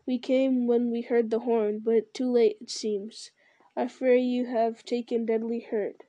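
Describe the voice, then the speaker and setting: A woman voicing a calm male elf archer, speaking in a measured, sorrowful way. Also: fairly high pitch, no room sound, highs cut off, lightly acted.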